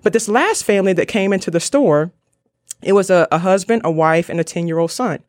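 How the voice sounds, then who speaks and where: A man's voice: high voice, brisk, dry recording, studio quality. A man giving a casual, earnest talk on mental wellness, retelling stories with quoted lines. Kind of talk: casual motivational talk to viewers.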